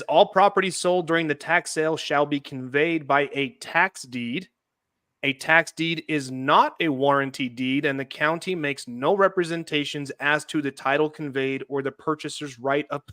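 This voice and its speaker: A man's voice: a little high, normal speed, a bit bright, no echo. Dry-sounding chatty male podcast host. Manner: chatty, laughing asides, reads documents aloud. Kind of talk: casual podcast chat.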